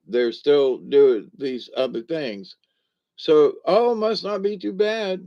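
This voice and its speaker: A man's voice: medium pitch, gravelly, darkish tone. A man, talking in a folksy, meandering monologue that wanders between topics. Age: 60s. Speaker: vlogger. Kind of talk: rambling casual monologue. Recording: dull lo-fi recording.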